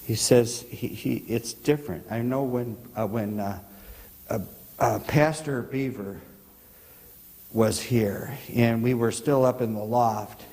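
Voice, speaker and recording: A man pastor rambles through stories from the pulpit, stumbling over words and tossing questions to the pews. His mid-pitched voice rings out in a church hall with a long, lingering reverb. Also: dark tone. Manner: halting, repeats words, asks the congregation questions. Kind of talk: rambling sermon anecdotes. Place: church sanctuary.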